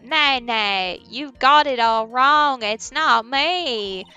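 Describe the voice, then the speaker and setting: Girl putting on a brash gal shutterbug, loud and drawly, bright high voice. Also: very slow, clear, resonant tone, highs cut off, faint music behind, full character voice. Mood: defensive. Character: brash young female tabloid photographer.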